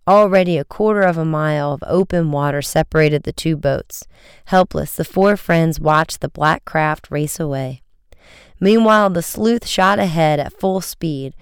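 An audiobook narrator reads an adventure chapter in a lively, scripted manner. The voice is exceptionally clear and resonant, recorded close with a completely dry sound. The middle pitch stays easy and even. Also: no echo.

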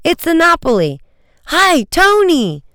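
A reader voicing Joe, an eager teenage boy shouting over a boat engine in an audiobook. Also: medium pitch, normal speed, clean tone, no room sound, clean studio sound, voice pushed up, close to an everyday voice. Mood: excited. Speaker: younger brother at the wheel.

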